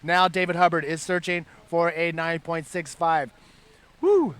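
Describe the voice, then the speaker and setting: A man's voice: a little high, little pitch movement, normal speed, bright, forceful tone, smooth. A man calling live play-by-play at a surf contest, upbeat and hyping the action. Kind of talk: live sports commentary.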